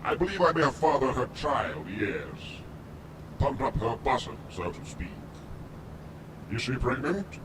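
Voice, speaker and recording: An actor playing a masked male ex-convict who calls himself a doctor, speaking in a formal, affected way, recorded from a distance over a rumbling noise. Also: sing-song, unhurried. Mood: explaining. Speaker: film character. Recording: distant mic with noisy rumble.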